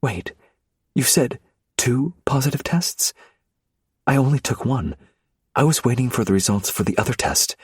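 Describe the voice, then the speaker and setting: A man reading an audiobook, voicing a fiery, defiant young wife in a raised, husky voice. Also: lively intonation, moderate pace, long pauses, no echo, studio quality. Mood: pleading. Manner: shrill, indignant, pleading.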